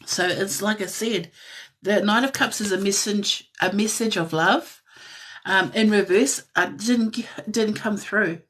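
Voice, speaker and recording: Slow, husky-voiced woman reading tarot. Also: medium pitch. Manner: soft-spoken, musing, drifting into whispers; frequent light laughs. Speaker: tarot reader. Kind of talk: live-stream tarot reading.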